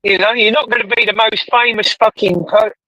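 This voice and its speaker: A man's voice: high-pitched, fairly even intonation, brisk, pushed and bright, dry recording, dull audio. A British man chatting casually, rambling and swearing a lot. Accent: British English. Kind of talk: casual chat.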